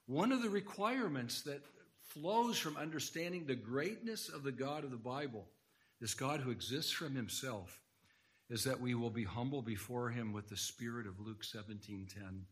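A man's voice: mid-range voice, animated, moderate pace, fairly bright tone. A man preaching an earnest sermon in a church, quoting scripture and rising to emphatic points. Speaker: guest preacher. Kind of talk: sermon lecture.

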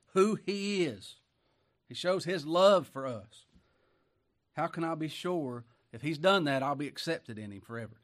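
A Southern preacher with an easygoing, folksy delivery and a mid-range voice. He keeps asking his congregation questions and chuckles between his points. His voice sinks to quiet asides, then jumps up in pitch and volume for emphasis. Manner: swings between hushed asides and emphatic outbursts. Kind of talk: sermon.

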